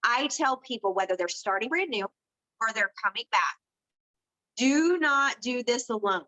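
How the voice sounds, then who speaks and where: A woman coaching her sales team in a loose, earnest way, often restarting her sentences around fillers. Her voice sits a little high and sounds clear and bright. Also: animated, unhurried, poor audio. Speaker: direct sales team trainer. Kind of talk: casual training talk.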